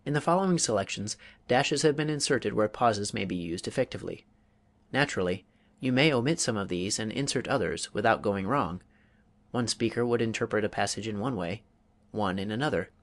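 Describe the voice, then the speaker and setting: A man reading a public speaking manual aloud as an audiobook, in a measured, deliberate way with pauses. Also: on the low side, animated. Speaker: audiobook reader.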